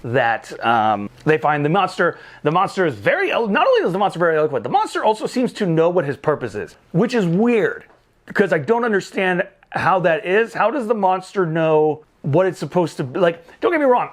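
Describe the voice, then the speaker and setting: A man's voice: sits high, big pitch swings, fairly quick. A man hosting a casual movie review show, recapping the plot with jokes, exasperated asides and casual swearing.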